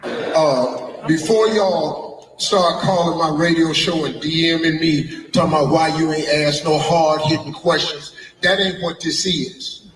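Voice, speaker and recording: A man's voice: a little high, unhurried. A man, a radio host, talking casually with a laugh in his voice. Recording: distant mic in a reverberant hall with noise.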